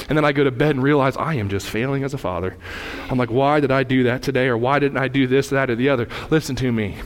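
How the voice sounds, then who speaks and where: A male pastor preaching a fervent sermon in a church, repeating his points and swinging between loud and soft. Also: medium pitch. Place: church sanctuary. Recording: echoey hall reverb.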